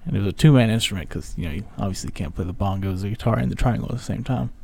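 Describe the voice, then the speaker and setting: A young man trades dry, deadpan lines on a casual podcast, talking fast. His voice has a gravelly, fry-heavy edge, and he shrugs off everything in a flat tone. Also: fairly low pitch. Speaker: podcast co-host. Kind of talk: casual chat.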